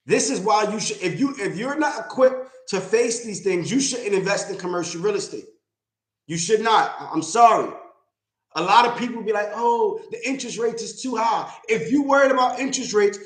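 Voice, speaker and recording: A man's voice: high voice, fairly bright tone. Blunt, emphatic man in an echoey room. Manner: blunt, emphatic, repeats points. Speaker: real estate investor and mentor. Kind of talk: livestream talk.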